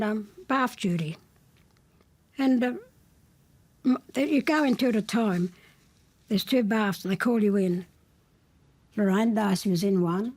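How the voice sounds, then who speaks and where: A woman's voice: mid-range voice, a little mellow, husky. A woman in her seventies with an Australian accent, telling her childhood story in a blunt, plain-spoken way with dry defiance. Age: 70s. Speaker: interviewee recounting her childhood.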